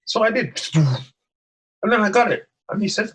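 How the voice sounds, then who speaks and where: A man, a firefighter guest, telling a story in an animated way, laughing often and acting out what others said. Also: sits high, normal speed, slight background noise. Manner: laughs often, acts out quotes, stammers.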